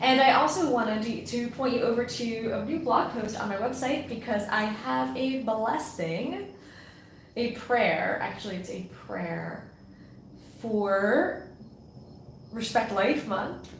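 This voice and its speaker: Woman vlogger, fairly high voice, rambling and chatty delivery, echoey room sound on a phone mic. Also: takes it slowly. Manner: chatty and rambling, with frequent fillers and restarts. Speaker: channel founder and ministry vlogger. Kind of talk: casual spoken reflection to camera. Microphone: phone on a selfie stick. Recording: echoey room, faint background hum.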